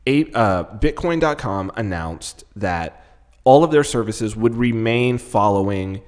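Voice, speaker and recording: Excitable, swearing podcast man. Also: fairly low pitch, a little slow. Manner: excitable, swearing, many restarts. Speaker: podcast co-host. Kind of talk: casual chat.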